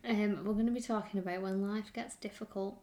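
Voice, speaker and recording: A woman's voice: mid-range voice, steady tone, brisk, warm tone. A woman co-hosting a podcast in casual chat, teasing her partner and laughing often. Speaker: podcast co-host.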